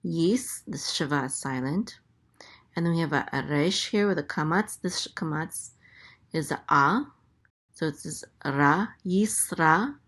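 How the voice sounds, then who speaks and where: A woman with a low voice teaches at a slow, unhurried pace. She spells out sounds one at a time and repeats each syllable patiently. The delivery is careful and methodical. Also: a bit bright. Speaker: Hebrew teacher. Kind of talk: slow, careful letter-by-letter lesson.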